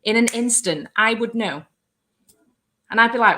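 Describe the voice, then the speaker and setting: Bright-voiced woman chatting. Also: a little high, normal speed. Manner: animated, laughing, swearing. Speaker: booktube host. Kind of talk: casual chat.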